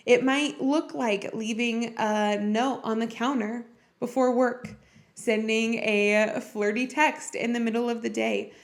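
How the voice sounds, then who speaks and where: A woman hosting a podcast, speaking in a heartfelt, personal and encouraging way about faith and marriage. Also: high-pitched. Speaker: podcast host. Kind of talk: earnest faith-based marriage talk.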